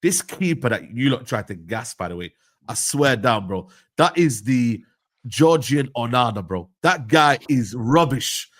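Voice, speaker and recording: A man's voice: medium pitch, animated, unhurried. A young man, ranting about football in a heated casual debate, full of slang. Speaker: football pundit and United fan.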